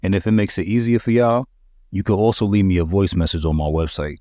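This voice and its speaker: A man's voice: sits low, steady tone, quick pace, mellow, no echo, clean studio sound. A man hosting a solo podcast, talking to listeners in a conversational, emphatic way. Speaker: podcast host.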